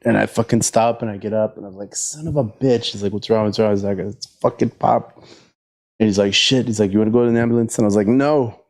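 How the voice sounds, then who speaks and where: A man's voice: on the low side, flat delivery, very fast, hardly any pauses. Laid-back profane man telling a story. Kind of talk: casual storytelling chat.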